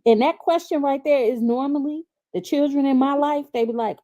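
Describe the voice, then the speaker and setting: A woman's voice: high-pitched, a little fast, hardly any pauses, dark tone. A woman on a casual livestream panel, plain-spoken and matter-of-fact.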